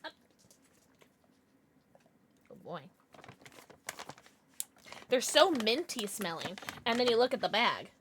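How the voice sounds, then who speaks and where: A woman live streamer chatting casually with her viewers, chatty and quick to swear. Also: a little high, a little hiss or hum. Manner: chatty, lively, swears freely.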